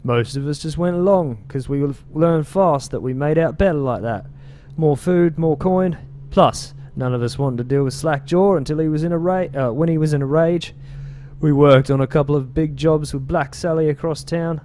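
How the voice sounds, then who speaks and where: A man's voice: a little high, moderate pace, dark tone, a little hiss or hum, pitched above the performer's own voice, natural voice. A man voicing a male street gang member telling tales in an attempted British accent, reading game lore aloud in a slangy, loose delivery. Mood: storytelling.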